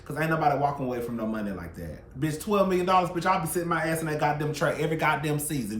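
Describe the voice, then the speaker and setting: A man hosting a casual gossip commentary channel, sassy and profane, swinging between loud outbursts and soft asides. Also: fairly high pitch, very animated, fast talker, few pauses, reverberant, slight background noise. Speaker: YouTube commentary host.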